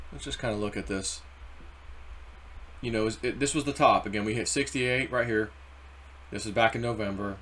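A man's voice: fairly low pitch, slight background noise. A man talking through crypto charts in a casual, rambling vlog, often acting out what others said. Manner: rambling, animated, acts out quotes. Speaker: crypto YouTuber. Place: car or home desk.

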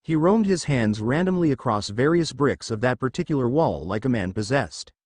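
A man's voice: mid-range voice, expressive, normal speed, a little mellow, dry recording, studio quality. A man reading fan fiction aloud as a narrator, telling the story expressively. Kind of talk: scripted fanfic narration.

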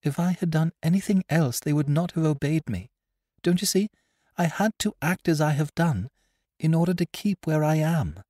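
A man's voice: fairly high pitch, expressive, normal speed, no echo, clean studio sound, pitched above the performer's own voice. A man doing an earnest, anxious young woman. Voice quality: soft, breaking voice.

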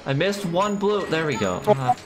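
A woman's voice: fairly low pitch, big pitch swings, normal speed, low-quality recording. Exclaiming woman speedrunner over game music. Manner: exclamatory, swears often. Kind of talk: live-streamed gameplay chat.

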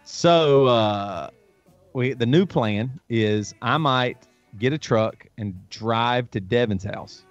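A man's voice: mid-range voice, slow pace, dry recording. Male host, rambling storyteller, casual chat, dry close sound, dull audio, faint music.

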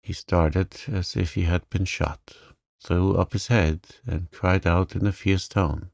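A man narrating a classic novel as a calm sleep story, in a soft, even way. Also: deep voice, takes it slowly, creaky, no echo, clean studio sound.

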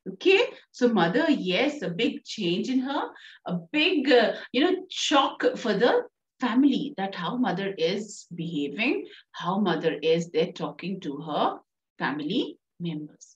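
A woman's voice: medium pitch, very animated, unhurried. A woman teacher with an Indian English accent explaining a play to a class in a coaxing way, often checking in with "right?". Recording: distant, roomy, dull sound.

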